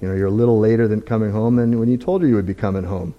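A man giving a candid, self-deprecating testimony in church, talking in a halting, conversational way with many restarts. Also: lowish voice, fairly even intonation, muffled recording. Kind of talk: conversational sermon talk.

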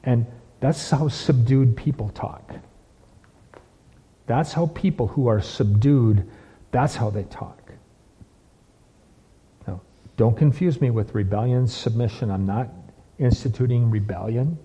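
A man preaching from the pulpit, his dark, husky voice rolling out in long questions he repeats again and again. The sound is dull and lo-fi, with a long hall reverb behind every word. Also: medium pitch, takes it slowly, long pauses. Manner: preaching with heavy repetition and rhetorical questions. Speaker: pastor. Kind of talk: sermon.

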